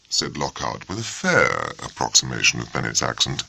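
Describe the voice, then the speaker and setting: A man narrating an audiobook in a measured, steady storytelling manner, close to the mic. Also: very deep voice, gravelly, husky. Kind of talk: scripted narration.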